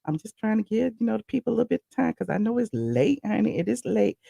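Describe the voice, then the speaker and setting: Woman, live-stream host, chatty and rambling, slight gravel, dry close sound. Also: mid-range voice, fast, dry recording. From Atlanta, USA. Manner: chatty, animated, rambling asides. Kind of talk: casual live-stream chat.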